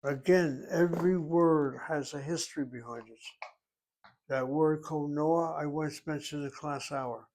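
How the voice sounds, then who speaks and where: Male language teacher, unhurried, reasons through grammar points aloud. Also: on the high side, steady tone, darkish tone. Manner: thinks aloud, deliberate, explains step by step. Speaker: Hebrew teacher. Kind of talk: classroom grammar lecture.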